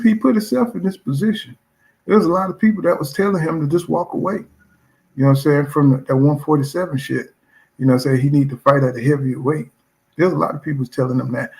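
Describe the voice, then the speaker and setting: A man with a gravelly, fry-edged voice talks through boxing news on his own channel. His delivery is loose and blunt, circling back on himself with constant fillers. He stays at an ordinary middle pitch as he reacts to viewer comments. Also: darkish tone. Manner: loose, repetitive, leans on "you know what I'm saying"; blunt and profane.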